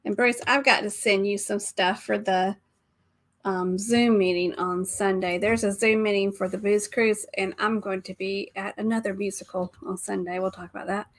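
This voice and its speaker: A woman with a Southern US accent, co-hosting a casual live travel stream, chatty and quick to laugh as she greets viewers by name. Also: mid-range voice, fairly even intonation. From American South. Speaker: travel show co-host.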